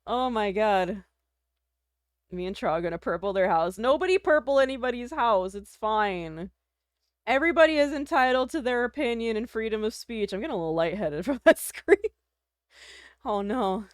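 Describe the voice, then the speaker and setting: A woman live-streamer with a slightly high voice talks casually to her chat. She jokes at her own expense, laughs a lot and swears freely. The sound is dry and close, with no room around it. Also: expressive, a little fast, dry recording. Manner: self-deprecating, laughs often, swears casually.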